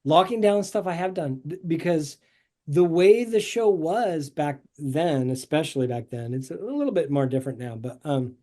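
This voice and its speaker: A man with a slightly high voice talks as a guest on a podcast. He rambles through his stories in an upbeat, easygoing way, coming through a video call. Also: expressive, moderate pace, dark tone. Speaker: podcast guest, show artist. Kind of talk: casual interview chat.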